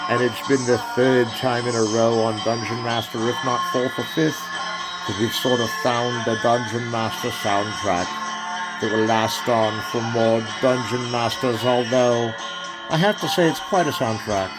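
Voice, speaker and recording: A man's voice: on the low side, moderate pace, over music. A man hosting a film riff, rambling in improvised commentary that moves between mock-solemn chanting and joking asides. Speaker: host riffing over a film.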